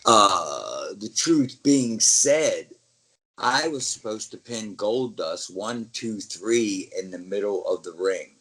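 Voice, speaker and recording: A former wrestler being interviewed speaks at a slow pace in a lowish voice with a breathy edge, and the recording is rough. He tells his stories casually and animatedly, slipping into other people's lines and swearing occasionally.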